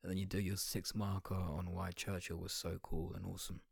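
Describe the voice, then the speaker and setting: Low, husky young guy ranting sarcastically. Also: level tone, fairly quick, dry recording, clean studio sound. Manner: sarcastic, crude, rambling, slangy. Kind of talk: satirical comedic rant.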